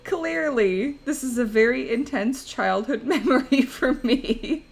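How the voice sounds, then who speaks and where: A woman's voice: high voice, animated, a little slow, gravelly, faint music behind. A young woman streaming live, chatting casually and rambling through stories, often breaking into laughter. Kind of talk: casual chat to a live audience.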